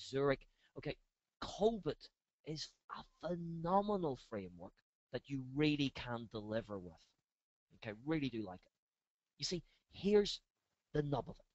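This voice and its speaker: A man's voice: a little high, no echo, muffled recording. A man giving a webinar lecture as a training instructor, stressing key words and asking rhetorical questions.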